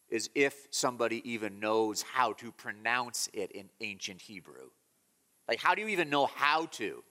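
A male pastor preaching a sermon, explaining calmly and then pressing points with loud emphasis. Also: normal speed, long reverb tail. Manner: teaching tone, swings from low explaining to loud emphatic scolding.

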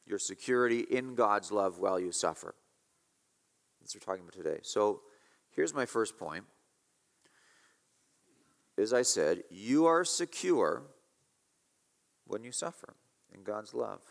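A man preaching an expository sermon, emphatic, repeating key phrases and swinging between loud and hushed. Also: fairly low pitch, lively intonation, unhurried, gravelly, long pauses. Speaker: pastor. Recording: reverberant hall.

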